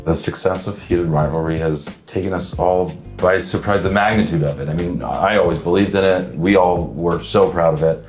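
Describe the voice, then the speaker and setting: A Canadian man, an actor, talking in a relaxed, thoughtful way, often restarting his sentences. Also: deep voice, moderate pace, few pauses, roomy sound, soft background music. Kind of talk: casual talk to camera.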